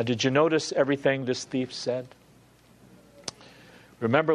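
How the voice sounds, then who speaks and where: A male preacher giving an earnest, emphatic sermon and asking his listeners rhetorical questions. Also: fairly high pitch.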